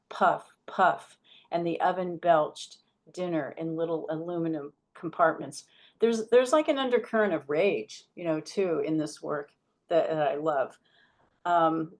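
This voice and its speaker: A woman hosting a poetry reading, introducing the next poet in a chatty way, full of fillers, asides and earnest praise. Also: on the low side. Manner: earnest, gets choked up.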